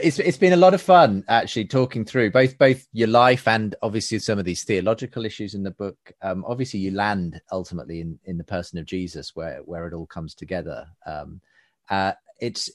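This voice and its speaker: Guy hosting a podcast chat, lowish voice, dry close sound. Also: no room sound. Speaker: podcast host. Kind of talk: casual interview chat.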